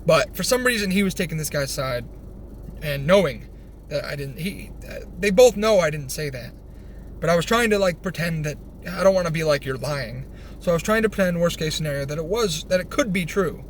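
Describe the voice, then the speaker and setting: Animated young man telling a story. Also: high-pitched. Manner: rambling, animated, swears freely, with restarts. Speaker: vlogger. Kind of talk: casual storytelling. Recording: faint background noise.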